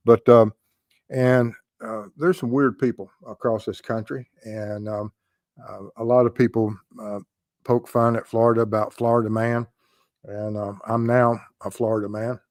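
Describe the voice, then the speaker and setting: A man's voice: mid-range voice, darkish tone, no room sound, studio quality. An older man hosting a casual true crime livestream, rambling with many ums and uhs as he greets viewers in the chat.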